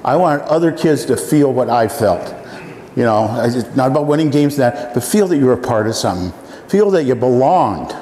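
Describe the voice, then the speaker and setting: A man in his seventies, from Iowa, telling folksy personal stories to an audience, often pausing with "uh.". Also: mid-range voice, animated, mellow. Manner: folksy, halting with many fillers. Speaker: speaker. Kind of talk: storytelling talk to an audience. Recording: echoey hall, faint room noise.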